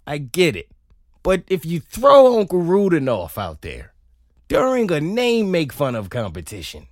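A man riffing through a comic monologue on his podcast, his voice climbing and dropping all over as he laughs and swears through his stories. He talks close on the mic in a dry, dead-sounding room, slightly higher-voiced than most men. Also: dry recording. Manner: animated, laughing, profane storytelling. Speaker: podcast host. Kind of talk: comedic solo monologue. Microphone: close studio mic.

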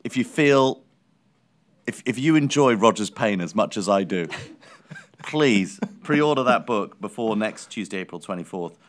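Low-voiced, dry-humored man co-host. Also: lively intonation, measured pace. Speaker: podcast co-host. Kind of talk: casual football chat.

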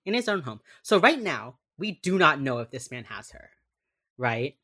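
A young woman co-hosting a casual chat, recapping a TV episode and acting out quotes with sudden loud bursts. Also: low-pitched, very animated, normal speed, breathy edge. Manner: chatty, acts out quotes with sudden yells. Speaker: podcast co-host recapping a TV episode.

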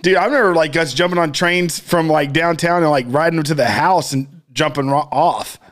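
A man co-hosting a podcast, laid-back and quick to laugh. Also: a little high, a bit bright. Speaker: podcast co-host. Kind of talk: casual chat.

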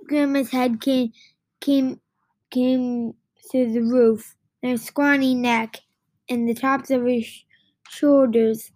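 A woman reads a children's chapter book aloud, slowly and haltingly. She stumbles over words and restarts often. Her voice is high. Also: no room sound. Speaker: reader.

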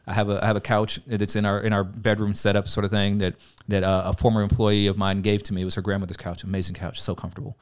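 A man's voice: fairly low pitch, flat delivery, quick pace, hardly any pauses, clean tone. A middle-aged man, a pastor co-hosting a podcast, talking in an earnest, rambling way and acting out bits of dialogue. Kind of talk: casual conversational podcast.

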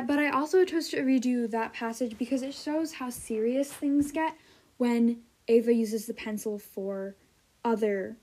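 A woman talks through a book review and reads a passage aloud. Her voice sits on the high side with a mellow, soft tone. She sounds earnest and sometimes pauses and restarts when speaking freely. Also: low-quality recording.

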